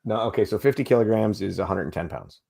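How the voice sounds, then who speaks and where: A man's voice: lowish voice, animated, fast, vocal fry, dark tone. A man co-hosting a fitness podcast in casual, opinionated chat. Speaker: podcast co-host.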